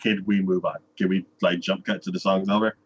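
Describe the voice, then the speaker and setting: A man's voice: low-pitched, little pitch movement, a little fast, breathy edge, lo-fi sound. A man hosting a casual podcast, telling a story in a loose, rambling way and acting out the characters. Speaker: anime review podcast host. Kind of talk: casual chat recapping an episode.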